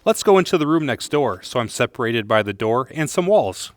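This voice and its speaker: A man hosting a how-to video, reading a clear, explanatory voice-over recorded in a blanket vocal booth. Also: medium pitch, very animated, brisk, slight background noise. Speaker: host of a how-to channel. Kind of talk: scripted voice-over narration.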